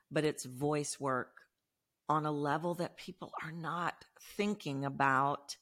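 A woman voice expert, a guest in an interview, talking about her work with enthusiasm and sometimes restarting her phrases. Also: deep voice. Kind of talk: casual interview talk.

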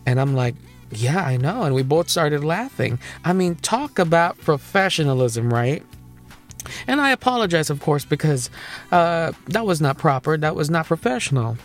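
Young guy doing a comedy podcast monologue, fairly high voice, keeps repeating himself and cracking up, faint music behind. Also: moderate pace. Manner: animated, repetitive storytelling, laughs at his own jokes. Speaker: podcast host.

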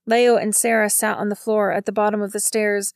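A woman reads a novel aloud at a steady, measured pace. Her voice has a gravelly, creaky grain. The recording is close and dry, with no room sound. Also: mid-range voice, no echo. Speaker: narrator. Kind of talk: audiobook narration.

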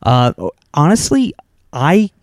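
A man co-hosting a casual movie podcast, talking in an excitable way with lots of fillers and laughter. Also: fairly high pitch, slow. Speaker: podcast co-host. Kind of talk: casual movie review chat.

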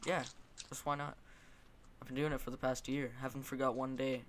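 A man's voice: medium pitch, little pitch movement, a little fast, fairly bright tone, a little hiss or hum. A young man hosting a casual podcast, rambling and joking with lots of fillers. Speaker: podcast host. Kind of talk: casual chat.

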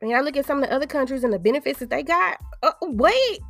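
A woman's voice: high voice, expressive, fast, few pauses, soft background music. A woman in her thirties hosting her podcast in a chatty, playful way, full of jokey asides. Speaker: podcast host. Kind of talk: casual chat.

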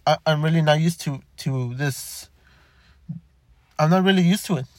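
A young man talking candidly in a halting way, with many stammered restarts. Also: on the high side, no room sound. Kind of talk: personal reflective monologue.

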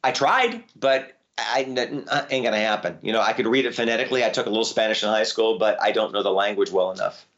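Animated male voice actor, muffled audio. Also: quick pace, few pauses. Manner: animated storyteller, voice jumps high when excited. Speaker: voice actor guest. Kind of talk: interview conversation.

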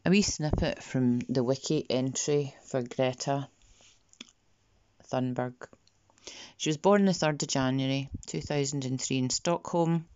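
A woman delivering a podcast monologue in a slow, deliberate way, sometimes dropping to a near whisper. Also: rumbling low, fairly even intonation, a little mellow, clear, resonant tone. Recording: dull, lo-fi dry recording.

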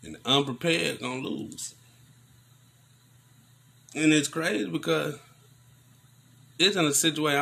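A man giving casual news commentary on a vlog, preaching in animated rants full of slang. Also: a little high, a little slow, vocal fry, long pauses, husky.

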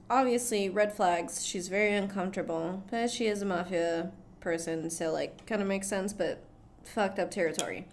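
A woman chatting casually as she recaps a movie plot. Her storytelling is animated, full of swearing and quoted lines. Her voice sits at an ordinary middle pitch. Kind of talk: casual chat.

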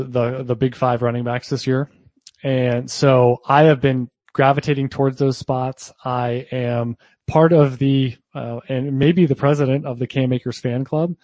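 A man's voice: mid-range voice, steady tone, a little slow, a little mellow, no echo. A man co-hosting a fantasy football show, chatting casually with lots of fillers and restarts. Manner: talkative, frequent fillers and restarts. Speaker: podcast co-host.

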